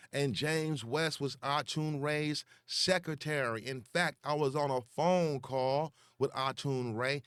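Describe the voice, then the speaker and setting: A young man, ranting slowly and profanely as he calls someone out online, repeating words for emphasis. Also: on the high side, fairly bright tone, clean tone, dry recording, clean studio sound. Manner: slow, taunting and profane. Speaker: online commentator. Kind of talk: confrontational call-out rant.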